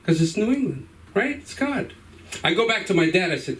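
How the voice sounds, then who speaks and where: This Cape Verdean man in his fifties has a high-pitched voice and speaks fairly quickly, recorded from a distance with poor sound quality. He performs a rambling, animated stand-up story at an open mic in a comedy club, voicing the people in it.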